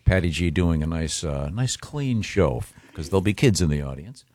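Low-voiced guy hosting morning radio, laughs a lot, dry close mic. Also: animated, normal speed, darkish tone, dry recording. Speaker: radio host.

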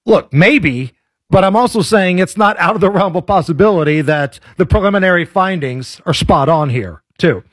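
Male talk host, blunt and opinionated, high-ish husky voice, dry close sound. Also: no echo. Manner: blunt, conversational. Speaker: political talk show host. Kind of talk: opinionated commentary.

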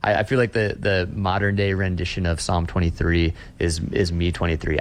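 A man's voice: sits low, brisk, a little hiss or hum. A man who is a pastor, talking earnestly in an interview and often restarting his sentences. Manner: earnest, animated, many restarts. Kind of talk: podcast interview guest.

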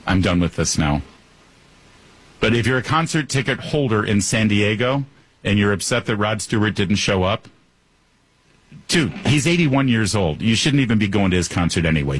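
A man's voice: fairly low pitch, breathy edge. A male talk radio host delivering a sarcastic, joking monologue into a studio microphone.

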